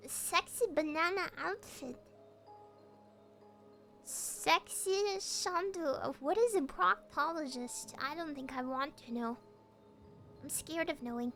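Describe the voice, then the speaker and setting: Bright, high, animated young woman streamer. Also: slow pace, pauses often, soft background music. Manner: playful, giggly, reacting to chat. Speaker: VTuber streamer. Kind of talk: casual stream chat.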